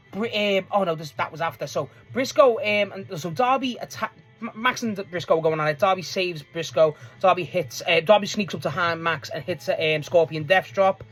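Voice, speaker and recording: Excitable voice rambling a match recap. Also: medium pitch. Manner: excitable, swears a lot, laughs often, many restarts. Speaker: wrestling show reviewer.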